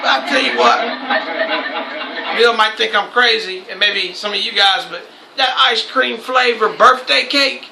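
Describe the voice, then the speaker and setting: A man's voice: very high-pitched, a little slow, gravelly, a loud crowd, heavy background noise. A young man hosting a casual chat show, loose and profane and laughing often. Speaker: host. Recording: echoey room.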